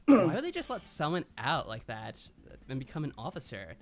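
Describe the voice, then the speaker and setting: A man's voice: on the high side, huge pitch swings, normal speed. A man streaming a visual novel, reading its narration aloud and musing on it. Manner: reads narration aloud, then muses on it. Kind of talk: reading narration and casual commentary.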